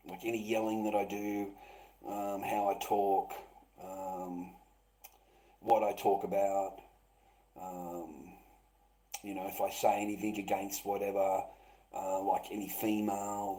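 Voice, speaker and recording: A man hosting a live stream, rambling and swearing, who swings between loud outbursts and low muttering. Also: flat delivery, unhurried, poor audio. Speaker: livestream host.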